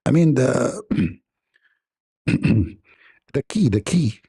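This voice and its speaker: A man voicing a nervous man on the phone who hushes and dodges so his wife won't hear. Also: mid-range voice, expressive, very slow, vocal fry, breathy edge, full character voice. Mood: furtive. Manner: hushed and evasive, half-whispered.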